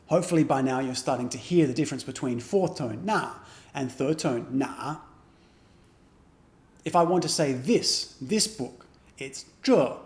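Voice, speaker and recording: A man teaching a beginner language lesson, explaining patiently and repeating example phrases slowly and carefully. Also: medium pitch, echoey room.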